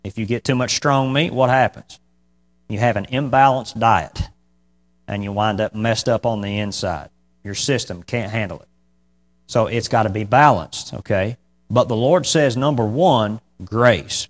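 A male preacher walks his listeners through scripture verse by verse in a mid-range voice. He talks conversationally, tossing in "okay?" and dry, sarcastic asides. When he presses a point, his voice climbs high and loud. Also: expressive, a little slow. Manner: conversational, repeats "okay?" to the congregation. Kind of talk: verse-by-verse Bible teaching.

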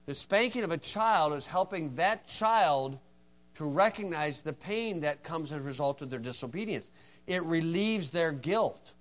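High-voiced preacher acting out voices. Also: male voice, expressive, unhurried. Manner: folksy storytelling, acts out dialogue, swings from hushed to shouting. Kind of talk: sermon.

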